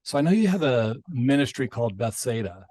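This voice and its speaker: Man, interview host, encouraging, lively intonation, dry recording. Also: mid-range voice, fairly quick, dry recording. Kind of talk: interview questions.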